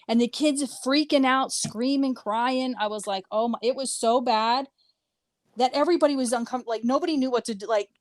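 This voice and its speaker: A woman co-hosting a casual podcast chat, telling a lively story and laughing often. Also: a little high, no echo, studio quality. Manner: animated storytelling, frequent laughs. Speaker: podcast co-host.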